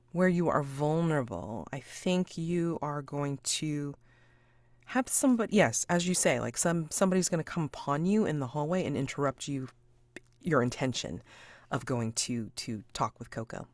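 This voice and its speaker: A low-voiced woman runs a tabletop mystery game, narrating scenes in a relaxed, chatty manner. Her pitch rises and falls a great deal. The recording is dry and close. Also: measured pace, no room sound. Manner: relaxed, chatty, with frequent fillers. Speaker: game master.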